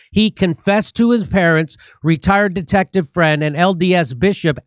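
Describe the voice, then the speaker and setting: Sarcastic male talk show host, fairly high voice. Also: dry recording. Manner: sarcastic, building lists of points. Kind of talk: political commentary show.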